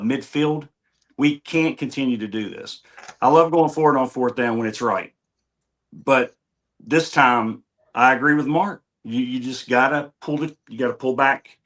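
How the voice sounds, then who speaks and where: A man's voice: mid-range voice, moderate pace, a bit bright. A man on a streamed sports talk show, speaking in short, fervent, punchy sentences as he backs another panelist. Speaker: co-host panelist. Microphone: online stream call.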